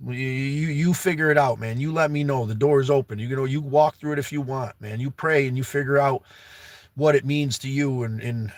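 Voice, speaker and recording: A man's voice: mid-range voice, a little fast, no room sound. A young man hosting a livestream, earnestly pleading with a viewer he calls brother to come stay at his home. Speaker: livestream host. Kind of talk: emotional heartfelt live-stream talk.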